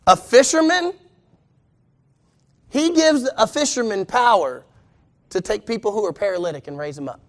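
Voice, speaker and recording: A pastor delivers a sermon to his congregation in a high-pitched voice with lively intonation, speaking at a moderate pace and pausing often. He is emphatic and repeatedly engages listeners with rhetorical questions.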